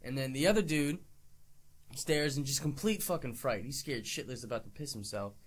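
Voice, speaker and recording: A man's voice: medium pitch, normal speed. A man co-hosting a podcast, narrating a movie plot casually with wry asides. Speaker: podcast co-host. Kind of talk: casual movie review chat.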